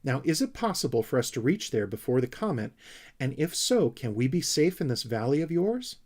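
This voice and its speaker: A man's voice: mid-range voice, sing-song, brisk, a little mellow, voice pushed up. A man voicing a fussy, self-important young male Snork creature who talks in a bossy, pompous way.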